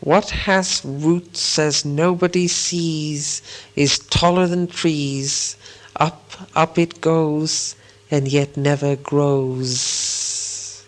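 A man voicing a small, slimy, cunning cave creature that hisses and whispers to itself in a slow, drawn-out way. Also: on the high side, fairly even intonation. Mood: wheedling, hissing.

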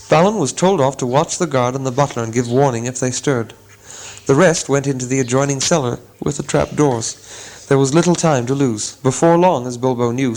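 Man narrating a storybook, measured. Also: mid-range voice, a little mellow, low-quality recording. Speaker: audiobook narrator. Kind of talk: scripted narration.

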